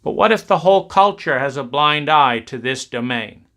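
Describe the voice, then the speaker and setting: A man giving a reflective talk, speaking in slow, emphatic, repetitive cadences. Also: a little high, expressive, pushed and bright.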